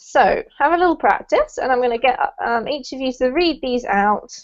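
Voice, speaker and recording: A woman's voice: high voice, animated, moderate pace, dull audio. British woman teaching pronunciation online. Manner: chatty, encouraging, with frequent ums and laughs. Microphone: video call.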